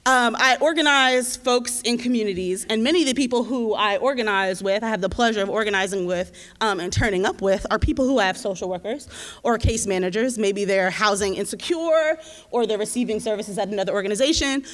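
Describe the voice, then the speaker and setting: A woman in her twenties, a community organizer, telling a lively, slangy story at a teach-in. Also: medium pitch, fairly quick. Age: 20s. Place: lecture hall. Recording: reverberant hall.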